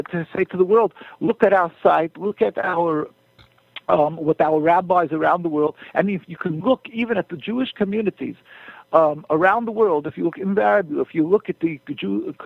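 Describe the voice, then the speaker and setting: A high-pitched man with a gravelly edge to his voice, speaking as a rabbi and radio guest. He talks earnestly but haltingly, restarting and repeating himself often. The sound comes through a tinny, dry phone line. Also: no echo. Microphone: telephone.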